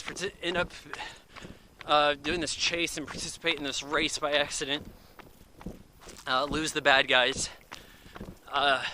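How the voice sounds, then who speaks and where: Male reviewer, casual rambling recap style, slightly high, very bright and forceful voice, faint street noise behind. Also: poor audio. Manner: rambling, filler-heavy recap with quick acted asides. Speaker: movie reviewer. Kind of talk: casual spoken movie review.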